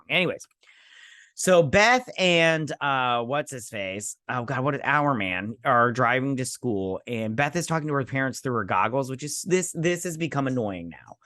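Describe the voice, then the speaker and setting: A man's voice: medium pitch, sharp tone, no echo, clean studio sound. A man hosting a casual show recap, sarcastic and rambling, often quoting characters in voices. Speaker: host.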